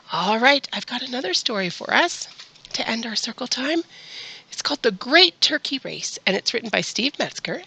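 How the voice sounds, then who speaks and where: A woman's voice: a little high, sharp tone, slightly rough. A woman librarian leading a children's storytime, reading a picture book aloud and asking the children coaxing questions.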